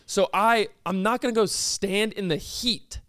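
A young man telling a story in casual chat, animated and incredulous, dropping into a low flat tone when he quotes someone. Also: unhurried, dry recording, clean studio sound.

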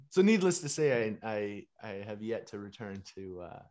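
A man in his thirties spins a casual story in a somewhat low voice. He is animated and loose, laughing often and dropping the odd curse word. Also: normal speed. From Canada. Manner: animated, laughing, swears freely. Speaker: musician and fitness coach.

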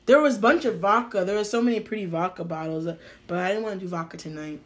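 A woman's voice: medium pitch, fast. Rambling woman podcast co-host. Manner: rambling, searches for words. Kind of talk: casual chat.

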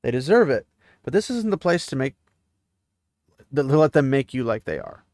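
A man voicing a calm, motherly young woman while recapping a book, soothing and measured. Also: mid-range voice, no echo, clean studio sound, lightly acted.

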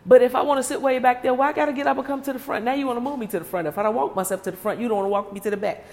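A woman's voice: a little high, rapid-fire, darkish tone, big-room sound. A woman talking straight to her viewers in a casual, comedic rant, firing off rhetorical questions and laughing often. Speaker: vlogger.

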